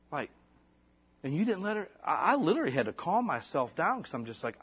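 A man's voice: mid-range voice, very animated, fairly quick, breathy edge. A middle-aged man preaching a sermon in a casual, folksy way, full of asides and restarts. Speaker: pastor.

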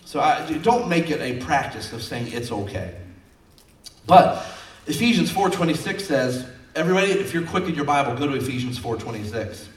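A man's voice: medium pitch, expressive, normal speed, far from the mic, slight background noise. A man preaching a folksy, conversational sermon in a church, mixing scripture with personal stories. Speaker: pastor. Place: church sanctuary. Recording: roomy sound from off mic.

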